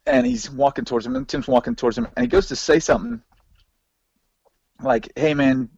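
A man telling road stories as a podcast guest, animated, laughing and swearing freely. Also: very high-pitched, brisk, gravelly, husky, no room sound. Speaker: podcast guest, former band hypeman. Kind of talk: casual storytelling interview. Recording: dull lo-fi dry recording.

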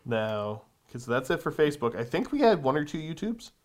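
A young man co-hosting a casual chat show, reading out viewer questions in a relaxed, drawling way with fillers. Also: on the high side, brisk.

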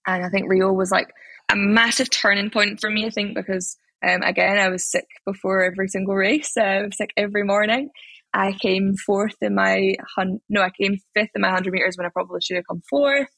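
A Scottish woman in her twenties, chatting in an interview and telling stories in an animated way with lots of fillers. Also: mid-range voice, fairly quick, creaky, dry recording. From Scotland. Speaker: interviewee, athlete. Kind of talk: casual interview chat.

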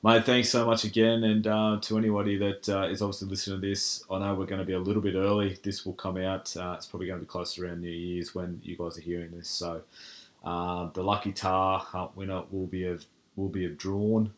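A man's voice: low-pitched, completely flat delivery, a little fast. An Australian man hosting a podcast, chatting casually and calling his guest mate. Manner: laid-back, says mate a lot. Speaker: podcast host.

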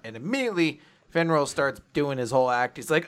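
Guy casually recapping chapters, bright voice, a bit high, rambly. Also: animated, brisk, smooth. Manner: rambling storytelling with quoted character lines. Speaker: podcast co-host.

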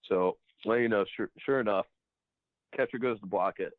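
Male ballplayer, deep voice, animated anecdotes, interview over a thin phone-quality line. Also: normal speed, dry recording. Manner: animated anecdotes, acts out dialogue. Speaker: professional baseball player. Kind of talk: casual storytelling interview.

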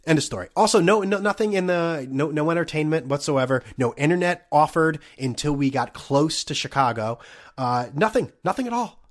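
A man's voice: on the high side, animated, fairly quick. A man hosting a podcast on his own. He delivers a profane comedic rant full of stammered restarts. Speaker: podcast host.

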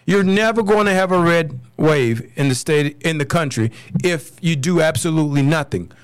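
Angry, high-voiced American man ranting. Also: expressive, moderate pace, clear, resonant tone, dry recording. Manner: angry, blunt, swearing, repeats himself. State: furious. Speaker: podcast host. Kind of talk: solo political podcast rant.

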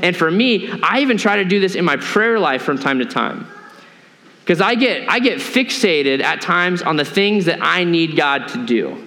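A man's voice: on the high side, lively intonation, moderate pace, bright, forceful tone, long reverb tail. A male pastor preaching a sermon in a church, earnest and often asking the congregation questions. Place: church sanctuary.

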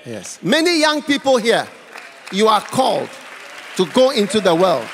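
A man's voice: sits high, very animated, normal speed, gravelly, pauses often, fairly bright tone, long reverb tail, a little hiss or hum. A man preaching an impassioned altar-call sermon, exhorting the crowd with repeated phrases and breaking into tongues. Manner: repetitive, exhorting, speaks in tongues. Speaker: guest preacher. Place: large church hall.

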